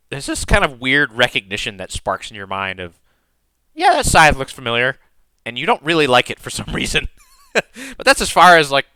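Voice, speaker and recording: A man's voice: medium pitch, bright, forceful tone, smooth, no echo. A man narrating a tabletop game as game master, describing scenes in a rambling way full of fillers.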